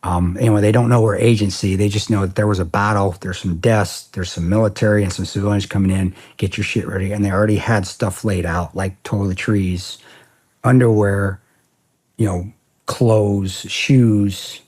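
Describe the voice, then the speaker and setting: A man's voice: fairly low pitch, fairly even intonation, moderate pace, darkish tone, breathy edge. A middle-aged man, a podcast guest, telling a story bluntly and casually, profane and rambling with restarts.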